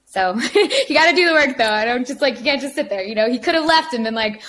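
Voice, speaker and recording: A woman guest on a podcast interview, telling stories in a casual, energetic way, laughing often and acting out quotes. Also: sits high, brisk. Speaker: podcast guest, retreat organizer.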